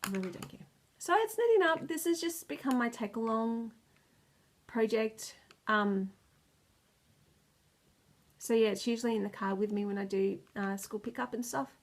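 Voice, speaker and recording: A woman's voice: on the high side, normal speed, pauses often. A tired, stressed woman hosting a knitting video podcast. She rambles, loses her words and laughs often. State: tired and stressed, close to tears. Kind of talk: casual chat.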